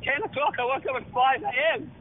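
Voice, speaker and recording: A man's voice: very high-pitched, quick pace. A man, a cyclist in a long race, chatting on a phone call, telling his story in a laughing, self-mocking way. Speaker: ultra-distance cyclist in a race. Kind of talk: casual phone chat. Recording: tinny phone line.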